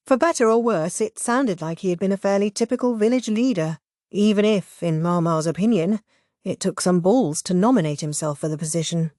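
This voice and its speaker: A woman reading a novel aloud as audiobook narrator, in an even, measured way. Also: mid-range voice, dry recording, clean studio sound. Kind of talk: scripted narration.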